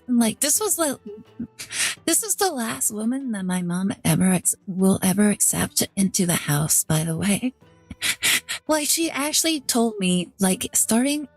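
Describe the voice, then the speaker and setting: A woman streamer telling a story in casual chat, rambling with lots of "like" fillers and restarts. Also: on the high side. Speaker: VTuber streamer.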